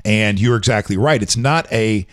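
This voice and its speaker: A man's voice: fairly low pitch, moderate pace. A man from the US South hosting a casual talk show, speaking in a thoughtful, reflective way. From small town in the US South. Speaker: host. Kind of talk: casual podcast chat.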